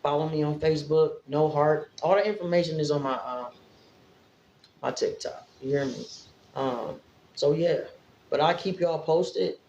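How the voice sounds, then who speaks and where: A woman's voice: low voice, unhurried, mellow, echoey room, muffled recording, slight background noise. A woman from Indiana talking straight to her viewers in a casual vlog, rambling and emotional. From Fort Wayne, Indiana, US. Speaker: vlogger. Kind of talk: casual livestream-style vlog talk.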